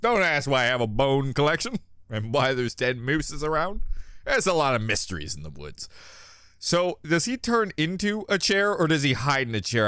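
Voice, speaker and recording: A young man reacts casually to a video, swearing and cracking jokes. His voice sits a bit high and swings all over the place, and he bursts into loud yelps when he's startled. The sound is dry and close. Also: clean tone, dry recording. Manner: swears freely, jokey.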